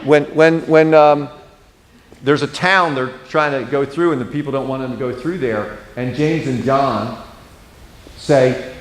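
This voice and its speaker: A male pastor lecturing a class in a relaxed, talky way, voicing the speakers he quotes with plenty of expression. His pitch sits in the middle of the male range, and he keeps throwing in casual asides as he teaches. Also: measured pace. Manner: animated, acts out quoted speech with expression; casual, asides like "you know what I mean".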